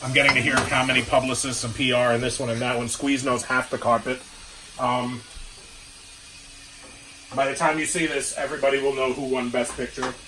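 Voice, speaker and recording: A man's voice: medium pitch, level tone, brisk, noisy background. A man hosting a playful cooking vlog in his home kitchen, riffing hyped wisecracks while he cooks. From Brooklyn, New York. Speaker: cooking show host.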